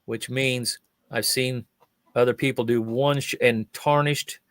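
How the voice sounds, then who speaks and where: A man's voice: mid-range voice, unhurried, clean tone, no echo. An older man, a guest magician and fire eater, telling stories in a chat show and acting out the people in them. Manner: lively storyteller, acts out quoted voices. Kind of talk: anecdotal storytelling in a chat show.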